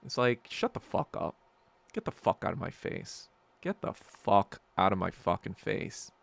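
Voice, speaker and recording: A man hosting his own podcast in a solo rant, profane and heated, swinging between loud outbursts and low muttering. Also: big pitch swings, unhurried, vocal fry. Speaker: podcast host. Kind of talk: solo ranting monologue.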